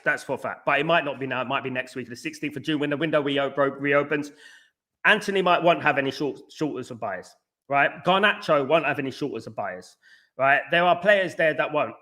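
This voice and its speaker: A young man from England chats casually to his livestream viewers. His voice sits a little high and sounds bright and forceful. He rambles, repeats phrases and keeps dropping in shout-outs. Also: lively intonation, a little fast. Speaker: host of a fan livestream. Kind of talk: casual livestream chat, reading viewer comments.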